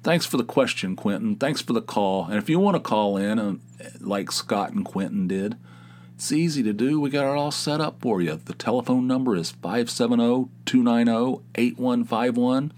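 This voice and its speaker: A man's voice: mid-range voice, normal speed, darkish tone. A man in his fifties hosting his own podcast, talking alone in a rambling, jokey way and often correcting himself. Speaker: podcast host. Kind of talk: casual solo podcast monologue.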